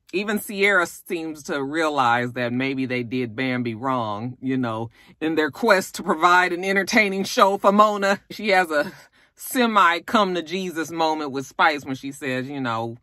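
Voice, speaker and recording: Blunt, chatty recap host with a bright voice. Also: mid-range voice, unhurried, dry recording, clean studio sound. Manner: candid, blunt and profane, chatty asides to viewers. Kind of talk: casual reality TV recap.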